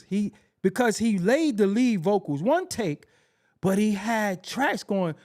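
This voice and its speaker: A podcast host with a high voice speaks slowly, telling music history stories in a casual, animated way. He repeats himself for emphasis.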